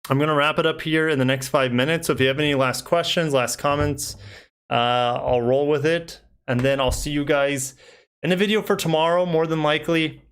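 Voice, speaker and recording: A young man with a fairly high, smooth, evenly pitched voice talks rather quickly while hosting a laid-back car-review live stream for his channel. He works his way through viewer comments in a rambling style, peppered with fillers.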